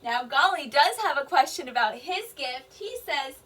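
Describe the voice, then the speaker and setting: A woman kindergarten teacher reading a picture book aloud to young children, slowly explaining each sentence in simple words. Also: high voice, lively intonation, pushed and bright. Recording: voice a bit distant from the mic.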